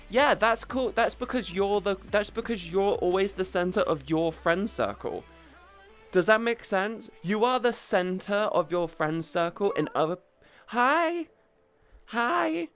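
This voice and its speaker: A woman's voice: on the low side, normal speed, soft background music. Woman streamer, headset mic, casual rambling chat, stops to greet chat. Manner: rambling, chatty, breaks off to greet viewers. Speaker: livestreamer. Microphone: headset boom mic.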